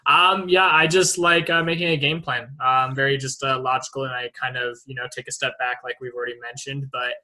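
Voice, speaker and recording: Hesitant young man with a bright voice. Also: medium pitch, steady tone, a little fast, hardly any pauses, rough recording. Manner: hesitant, many fillers. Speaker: call participant. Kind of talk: casual answer in a group call. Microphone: video call.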